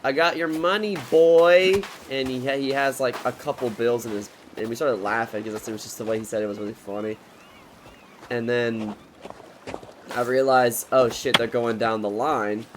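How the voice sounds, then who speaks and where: A man's voice: mid-range voice, level tone, normal speed, slight background noise, poor audio. A man in his twenties telling a rambling, profane storytime in a casual, joking way. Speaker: vlogger.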